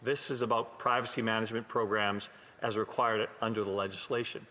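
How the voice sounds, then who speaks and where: A man's voice: on the low side, fairly even intonation, fairly quick, sharp tone. A man, a member of parliament from Canada, giving a pointed, sometimes sarcastic speech in a legislative chamber. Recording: long hall reverb.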